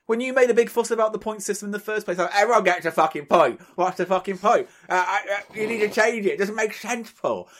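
A man's voice: high voice, expressive, fast talker, hardly any pauses, fairly bright tone. A man co-hosting a podcast with casual, teasing, sweary banter. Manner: teasing, sweary, laughs often. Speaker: podcast co-host.

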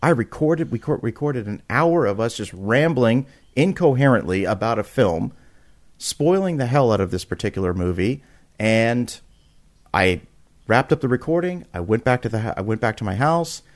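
At normal speed, a man guesting on a podcast tells an animated, casual story. He keeps restarting and repeating words and performs quotes with dramatic jumps in pitch.

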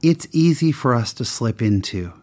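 A man of average pitch telling a personal story with a faith lesson at the end. He talks in a candid, self-mocking, conversational way. When he plays the people in his story, his pitch jumps up and down a lot. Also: lively intonation, normal speed, darkish tone. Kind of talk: personal anecdote with a moral lesson.

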